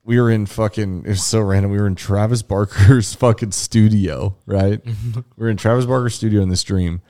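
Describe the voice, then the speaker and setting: A young man with a low voice chats casually as a podcast co-host. He tells a long, profane story and acts out each quoted line. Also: fairly even intonation, normal speed, dark tone. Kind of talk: casual chat.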